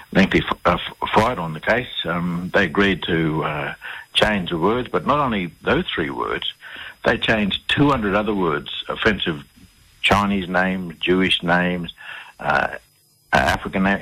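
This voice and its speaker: An Australian man being interviewed on the radio, telling his story casually in a halting way, with lots of fillers and restarts. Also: deep voice, sharp tone, husky, rough recording.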